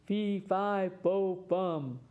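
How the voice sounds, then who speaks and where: A woman voicing a huge, angry male giant in a children's storybook reading, chanting in a booming way. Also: extremely slow, warm tone, smooth, highs cut off. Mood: bellowing.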